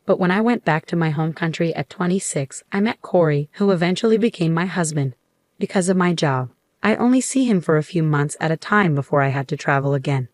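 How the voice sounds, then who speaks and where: A woman in her late twenties telling a first-person story in an even, matter-of-fact way. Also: sits low, brisk, no room sound. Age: late 20s. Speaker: narrator.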